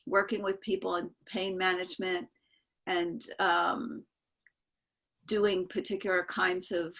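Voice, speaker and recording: An older woman sharing memories on a video call, speaking earnestly and haltingly with many fillers. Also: on the low side, creaky, a bit bright. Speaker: panel guest sharing memories. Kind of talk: casual storytelling on an online call.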